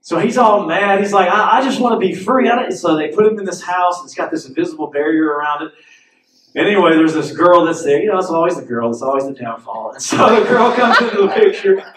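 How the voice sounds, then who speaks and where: A man's voice: a little high, fast talker, roomy sound, far from the mic, low-quality recording. A male pastor preaching a sermon, telling stories with laughs and acting out the characters' lines. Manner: animated storytelling with laughs and acted-out quotes. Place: church sanctuary.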